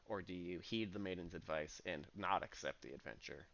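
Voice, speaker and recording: A man's voice: low-pitched, normal speed, vocal fry, a bit bright, lo-fi sound. A man running a tabletop game as game master, narrating scenes casually with frequent hesitations. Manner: casual, hesitant with many "uh"s, laughs easily.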